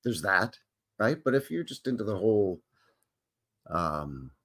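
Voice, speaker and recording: A man's voice: on the low side, very animated, a little slow, fairly bright tone. A man hosting a live stream, greeting viewers in a jokey, folksy way with cowboy slang. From Canada. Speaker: livestream host. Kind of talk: casual live-stream chat.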